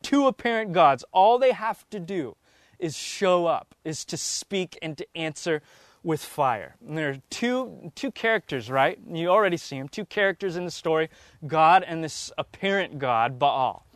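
A man's voice: a little high, lively intonation, unhurried, a bit bright, no echo. A man teaching the Bible, reading verses aloud and then stopping to explain them.

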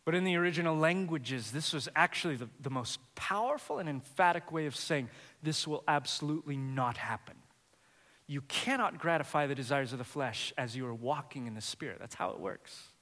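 A man's voice: fairly high pitch, lively intonation, fairly quick, hardly any pauses, bright, forceful tone, long reverb tail. A man preaching a sermon as a pastor, emphatic and building in intensity as he teaches from scripture.

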